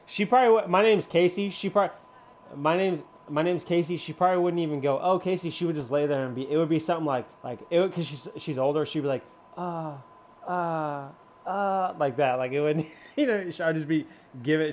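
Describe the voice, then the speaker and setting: A man's voice: on the high side, brisk, darkish tone, slight background noise. A young man telling a crude story in casual chat, rambling with many fillers and restarts and laughing often. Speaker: regular in a hangout show.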